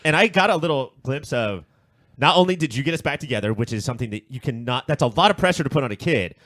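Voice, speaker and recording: A man's voice: mid-range voice, animated, fast talker, fairly bright tone, dry recording, clean studio sound. A man co-hosting a podcast in casual chat, jokey and swearing casually. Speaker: podcast co-host.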